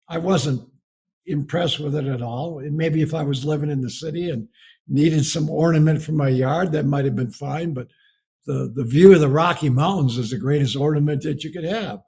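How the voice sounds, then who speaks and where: A man's voice: on the high side, moderate pace, gravelly, a little mellow, slightly rough. A middle-aged man from the United States giving a folksy storytelling sermon about marriage, chuckling as he goes. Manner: folksy, laughs through his story. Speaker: speaker on marriage.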